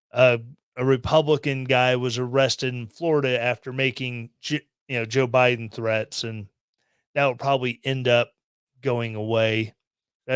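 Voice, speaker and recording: A man's voice: mid-range voice, clear, resonant tone, dry recording. A man hosting a podcast, commenting on the news in a rambling, self-deprecating way with sarcastic asides, into a studio microphone. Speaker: podcast host.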